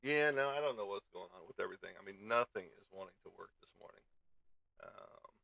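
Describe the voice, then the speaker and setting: A man with a gravelly, bright voice hosts a casual live stream from his home desk. He grumbles and swears as his computer keeps failing him. The sound is close and dry on a desk microphone. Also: lowish voice, lively intonation, fairly quick, no echo. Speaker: show host.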